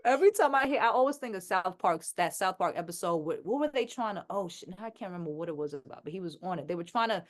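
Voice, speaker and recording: Low-voiced and fast, with few pauses, a New York-accented woman rapper from Queens holds forth in a casual interview. She's animated and blunt, cursing freely throughout.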